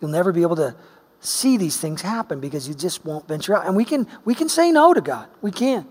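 Middle-aged male preacher, high voice, animated storyteller, long hall reverb. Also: brisk, husky. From Oregon, US. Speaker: pastor. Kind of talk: sermon with personal story.

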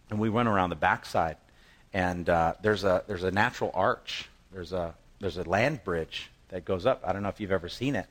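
A man preaching a sermon with lively, conversational storytelling. He jumps into the voices of the people in the passage and then drops back into plain talk, often restarting a phrase and repeating words. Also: lowish voice. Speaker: pastor.

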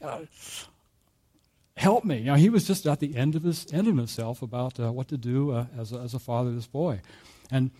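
A man preaching a sermon in a relaxed, conversational way, telling a story with fillers and small chuckles. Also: medium pitch, fast talker. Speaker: pastor.

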